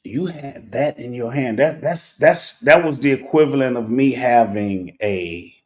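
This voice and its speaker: Brief: middle-aged male host, unhurried storyteller, measured delivery with pauses, mid-range voice. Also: medium pitch, a little mellow. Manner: deliberate, with pauses and rhetorical "right?". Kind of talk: personal storytelling monologue.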